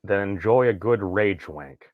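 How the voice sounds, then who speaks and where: A man hosting a casual podcast, rambling and jokey with a creaky voice. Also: on the low side, lively intonation, a little slow, no echo, phone-quality sound. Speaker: podcast host.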